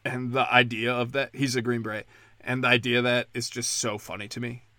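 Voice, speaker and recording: A man's voice: medium pitch, flat delivery, fairly quick, sharp tone, no echo, studio quality. Sarcastic, foul-mouthed man on a podcast. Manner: profane, sarcastic, rambling. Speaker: podcast host. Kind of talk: casual rambling monologue.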